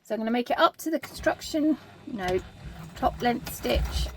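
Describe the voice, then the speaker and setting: A woman's voice: fairly high pitch, animated, moderate pace, a little hiss or hum. A woman giving a casual sewing tutorial, chatty and self-deprecating, thinking aloud with plenty of ums and restarts.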